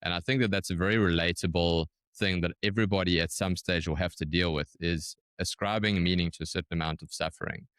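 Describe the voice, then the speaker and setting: Deep, smooth-voiced male podcast host. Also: steady tone, a bit bright, no room sound, studio quality. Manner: thoughtful, measured, some restarts. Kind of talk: reflective interview talk.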